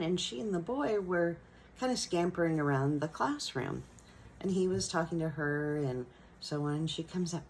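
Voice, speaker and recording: A woman who teaches young children, telling a personal classroom story in a gentle, reflective way. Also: on the low side, normal speed, a little hiss or hum, low-quality recording. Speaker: elementary school teacher.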